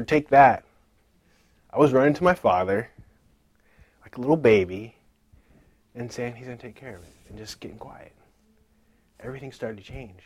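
A man in his thirties giving a personal faith testimony, dropping to a hush and rising loud again, laughing at himself as he tells the story. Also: lowish voice, slightly rough, no echo. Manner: swings from hushed to loud, laughing, self-deprecating storytelling.

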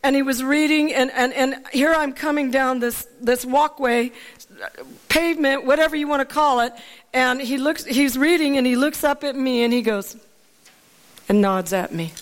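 A woman from Alaska preaching in a storytelling sermon, animated and laughing often as she asks her listeners for an amen. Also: high-pitched, moderate pace.

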